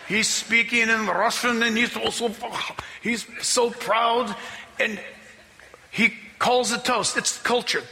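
A man preaching a sermon as pastor, telling a story with animated delivery that rises toward near-shouting at the climaxes. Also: high voice, vocal fry, slight background noise. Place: church sanctuary. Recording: hall reverb, faint ambience.

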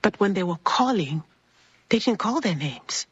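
A woman's voice: mid-range voice, sing-song, a little slow, husky, dry recording, muffled recording. A woman earnestly telling a personal faith story, acting out the people in it as she goes. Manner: earnest, acts out quoted people in her story. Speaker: speaker sharing a personal faith testimony.

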